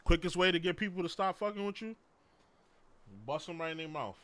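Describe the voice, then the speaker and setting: A man's voice: high voice, a little fast, a bit bright. A man in casual chat who speaks bluntly and matter-of-factly.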